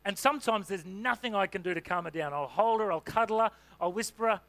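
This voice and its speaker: A man's voice: high-pitched, fast, a bit bright, no echo. A man preaching a sermon in a conversational, humorous way, with asides and fillers. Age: adult parent.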